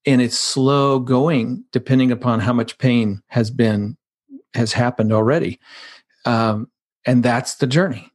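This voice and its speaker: A man's voice: medium pitch, fairly even intonation, measured pace. A man as a podcast guest, earnestly explaining blended family life with vivid everyday images. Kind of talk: conversational podcast advice.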